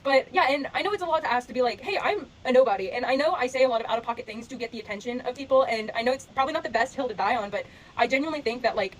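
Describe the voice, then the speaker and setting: Rapid-fire and fairly high-pitched, a young woman addresses her followers directly on camera, emotional and sincere as she asks them for patience, rambling with lots of fillers. She's a social media creator, and the recording is low quality.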